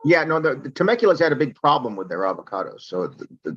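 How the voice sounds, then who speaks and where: A man's voice: medium pitch, big pitch swings, quick pace, fairly bright tone, husky. A man chatting on a group video call who argues his opinions and tells stories about friends. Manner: opinionated, storytelling, argumentative. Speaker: regular participant. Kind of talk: casual group video chat. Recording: dull, lo-fi video call audio.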